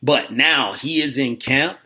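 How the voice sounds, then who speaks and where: Man, sports talk host, bright tone, rambling, casual, lots of restarts. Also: medium pitch, takes it slowly. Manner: rambling, animated, with many fillers and restarts.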